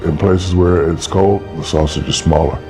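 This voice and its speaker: A man with a very deep voice trades playful comebacks as a celebrity guest in a comedy interview. Music plays clearly in the background. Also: steady tone, moderate pace.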